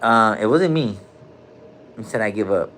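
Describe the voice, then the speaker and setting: Fairly low in pitch yet animated, a man speaks unhurriedly with a somewhat bright tone as he livestreams from a hospital room. Slight noise sits in the background while he jokes in heavy slang and greets viewers by name.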